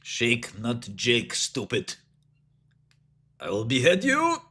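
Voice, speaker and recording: Casting: man doing a swaggering rich sheikh investor, bossy drawl, husky and lively. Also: fairly low pitch, slow, full character voice. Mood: mock menace. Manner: drawling, bossy, calls everyone habibi. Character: boastful rich male sheikh investor, reckless.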